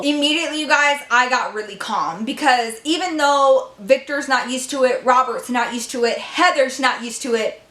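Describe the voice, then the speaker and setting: A woman's voice: high voice, normal speed, few pauses. Profane, chatty young woman storyteller. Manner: profane, animated, talks to viewers directly. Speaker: vlogger. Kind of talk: storytime vlog. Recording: echoey room.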